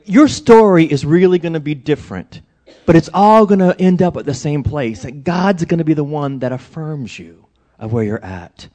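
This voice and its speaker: A middle-aged man, a pastor, preaching a sermon and telling stories with acted-out quotes. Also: a little high. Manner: animated storytelling with acted-out quotes.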